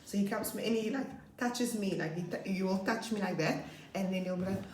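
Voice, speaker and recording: Young woman, lively storytelling vlog, roomy echo, distant mic. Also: brisk, a little hiss or hum. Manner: animated, laughs often, acts out her pupils in high voices. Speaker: grade 2 teacher.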